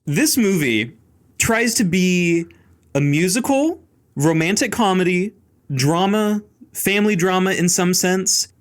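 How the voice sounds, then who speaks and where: A man's voice: high voice, lively intonation, a little slow. A man hosting a casual podcast, bluntly ranting about a film with profanity and mocking impressions. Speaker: podcast host.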